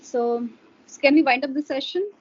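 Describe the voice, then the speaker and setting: A woman's voice: sits high, normal speed. Encouraging woman on a muffled call. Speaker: conversation partner. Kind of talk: casual conversation practice.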